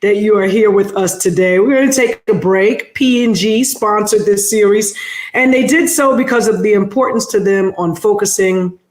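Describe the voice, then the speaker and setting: Brief: woman interviewer, relaxed and chatty, roomy echoing sound. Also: mid-range voice, moderate pace. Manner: easygoing, laughs and nods along. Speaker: podcast host. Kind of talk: conversational interview hosting.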